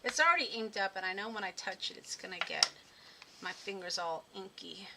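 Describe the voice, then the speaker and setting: A woman's voice: mid-range voice, brisk, very noisy. A woman hosting a card-making tutorial, chatting and thinking aloud as she works and answers viewers. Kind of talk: live craft demo chat.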